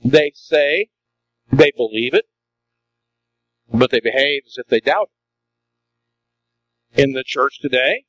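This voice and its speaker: A man's voice: mid-range voice, animated, takes it slowly, pauses often, a bit bright, no echo, poor audio. A man preaching a sermon as a pastor, emphatic and full of rhetorical questions to the congregation.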